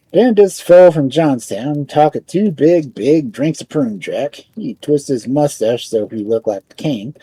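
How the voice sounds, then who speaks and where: A man's voice: a little high, warm tone, breathy edge. A man telling a folk tale, narrating in broken immigrant English. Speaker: storyteller.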